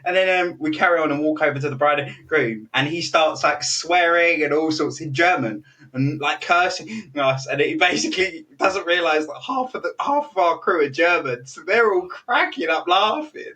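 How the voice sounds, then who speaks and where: A young British man, a podcast host, telling an animated story in casual chat, laughing often and restarting his sentences. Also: on the high side, normal speed, distant mic. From Britain.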